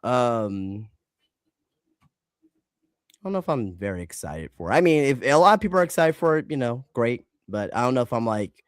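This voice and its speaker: A man co-hosting a casual podcast, laid-back and full of fillers and quick agreements. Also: mid-range voice, sing-song, no echo, studio quality. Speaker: podcast co-host.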